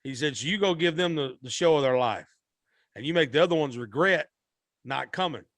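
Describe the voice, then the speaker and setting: A man's voice: a little high, lively intonation, brisk, a bit bright, no echo. A man, a musician guest telling a rambling, folksy story in a podcast interview. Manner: rambling, repeats and restarts, Southern-style folksy speech.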